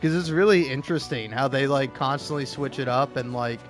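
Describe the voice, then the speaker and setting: A man's voice: mid-range voice, fairly quick, faint music behind. A young man hosting a gaming video, rambling comedic commentary full of restarts and "like".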